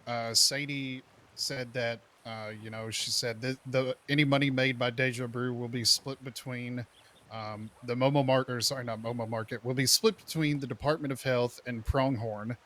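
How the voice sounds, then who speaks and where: Man, bright forceful tone, steady in-character account peppered with curses. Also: medium pitch. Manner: measured, detailed retelling with blunt cursing. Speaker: role-play character giving an account. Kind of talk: in-character role-play talk.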